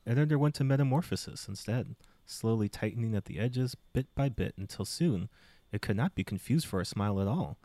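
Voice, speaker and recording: A man's voice: on the low side, lively intonation, a little fast, dark tone, no room sound. A man reading a book aloud as a podcast co-host, with playful emphasis. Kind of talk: comic read-aloud.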